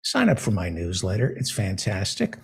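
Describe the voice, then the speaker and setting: A man hosting a live talk show, delivering a sarcastic monologue that swings from loud outbursts to muttered asides. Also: deep voice, wildly swooping pitch, moderate pace, vocal fry, husky. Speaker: podcast host. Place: small room overlooking an air shaft.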